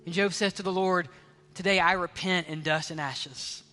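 Impassioned high-voiced male preacher in a hall. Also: steady tone, moderate pace, soft background music. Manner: impassioned, swings from loud to hushed near-whispers. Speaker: pastor. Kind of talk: sermon. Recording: long reverb of a large hall.

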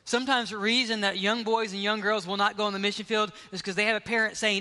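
A pastor delivers an emphatic sermon in a high, bright voice. His speech carries a long reverberant tail from the large sanctuary around him. He leans into key phrases and slows down for weight. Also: steady tone.

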